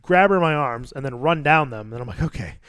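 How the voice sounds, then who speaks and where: Guy in his 30s, podcast cohost, swears a lot, acts out quotes loud, kinda high voice, dry sound. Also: fast, clear, resonant tone, dry recording. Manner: animated storyteller, swears, acts out quotes loudly. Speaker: podcast co-host. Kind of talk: casual chat.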